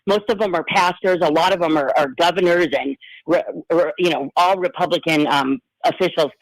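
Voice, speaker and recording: A woman's voice: lowish voice, steady tone, fairly quick, no echo, rough recording. A woman calling in to a talk show, chatting in a rambling way with many restarts and fillers. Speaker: caller. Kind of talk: call-in radio chat.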